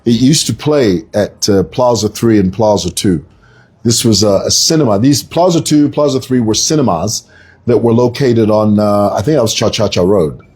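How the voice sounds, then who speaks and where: A man's voice: fairly low pitch, moderate pace, darkish tone, husky. A middle-aged Zambian man with a Zambian accent, giving an emphatic, storytelling opinion monologue as an online commentator.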